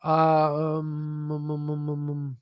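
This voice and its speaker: A man's voice: a little high, completely flat delivery, drawn-out words, smooth, dry recording. Rambling, chatty man with a dry sound. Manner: rambling, many fillers and restarts, laughs at himself. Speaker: stock channel host. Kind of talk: casual livestream chat. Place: home desk with screen share.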